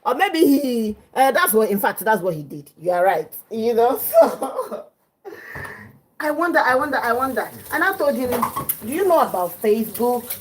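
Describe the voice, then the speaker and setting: Lively Nigerian woman telling a story. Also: a little high, normal speed, few pauses, background noise. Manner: lively, acts out quotes, mixes in pidgin. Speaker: livestream host. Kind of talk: chatty storytelling. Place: home kitchen.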